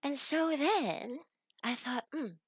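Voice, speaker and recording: Slow-spoken woman with a Chinese accent. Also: high-pitched, lively intonation, no room sound. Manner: earnest, with some hesitant fillers. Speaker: self-development vlogger. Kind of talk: reflective personal storytelling to camera.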